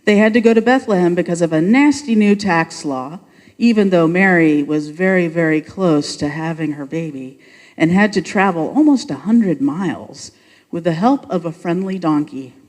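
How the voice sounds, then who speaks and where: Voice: medium pitch, normal speed, darkish tone, in a large hall. A leader narrating and directing an unrehearsed church pageant, coaxing the congregation along. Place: church sanctuary.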